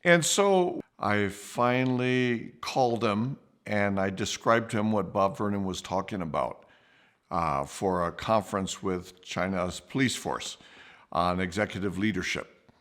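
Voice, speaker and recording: Man telling a lively personal story. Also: lowish voice, a little slow. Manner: lively, with restarts and acted-out quotes. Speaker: podcast host and storyteller.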